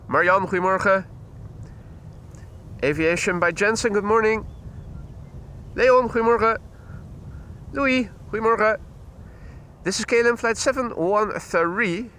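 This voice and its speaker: A man's voice: on the high side, bright, forceful tone. Man, stream host, chatty and greeting viewers, a bit stuffy-nosed, lapel mic outside with faint background hum. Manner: chatty, greets viewers by name, mixes in Dutch and German greetings. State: slightly stuffy nose. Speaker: plane spotting livestream host. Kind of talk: casual live commentary. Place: outdoors at an airport. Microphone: wireless clip-on mic on his t-shirt.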